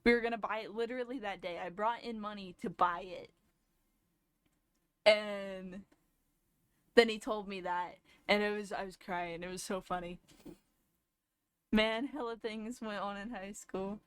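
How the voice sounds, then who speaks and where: A woman's voice: medium pitch, fairly even intonation, a little slow, long pauses, smooth, dry recording. A young woman streamer casually telling a rambling personal story, often laughing as she goes.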